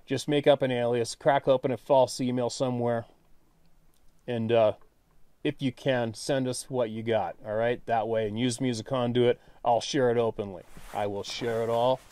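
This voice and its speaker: A man's voice: medium pitch, steady tone, moderate pace, mellow. Blunt, frustrated man hosting his channel. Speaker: channel host. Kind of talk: casual monologue to viewers.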